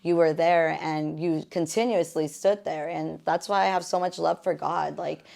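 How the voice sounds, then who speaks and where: A woman guest on a podcast, speaking softly and emotionally about her past, with many fillers. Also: deep voice, fairly even intonation, normal speed, creaky. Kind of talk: personal testimony.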